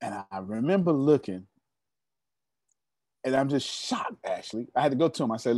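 A man's voice: mid-range voice, expressive, normal speed, pauses often, darkish tone, dry recording, clean studio sound. A young man giving a motivational storytelling talk, preachy and emphatic, speaking straight to his listeners. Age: young adult. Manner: preachy, addresses the audience directly, emphatic. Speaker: motivational speaker leading a members' meeting.

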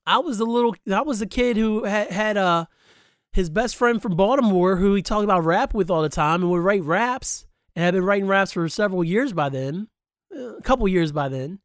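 A man's voice: sits high, expressive, moderate pace, no echo, studio quality. A man hosting a podcast, talking candidly and emphatically in a personal monologue, swearing freely. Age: adult, grew up past high school. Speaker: podcast host.

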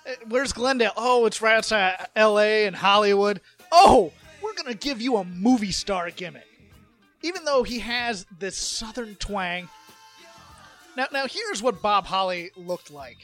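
A man co-hosting a podcast, rambling and animated as he tells stories and does quick impressions. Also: sits high, soft background music. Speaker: podcast co-host. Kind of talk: casual chat.

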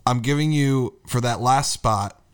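A man's voice: mid-range voice, unhurried, clear, resonant tone. A man co-hosting a podcast, blunt and swearing freely while laying out his case. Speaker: podcast co-host. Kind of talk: casual chat.

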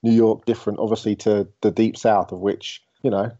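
A man's voice: on the low side, flat delivery, fairly quick, mellow, dull audio. A man from England with an English accent, a podcast guest in easygoing, good-humored chat.

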